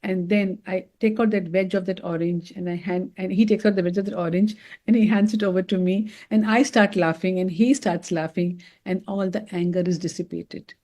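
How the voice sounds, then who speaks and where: Speaking in a mid-range voice at moderate speed, a middle-aged woman doctor delivers a motivational wellness talk. She's an animated storyteller who addresses her audience as friends.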